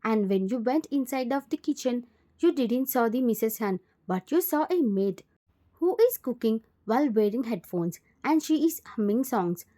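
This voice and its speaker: Mellow-voiced woman narrating fan fiction. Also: on the high side, lively intonation, moderate pace.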